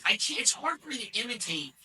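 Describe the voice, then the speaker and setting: A man's voice: extremely high pitch, sing-song, fast talker, sharp tone, recorded from a distance, poor audio. A man in his forties hosting a casual podcast chat, stumbling and repeating words with enthusiasm, with a New Jersey accent. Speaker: show host.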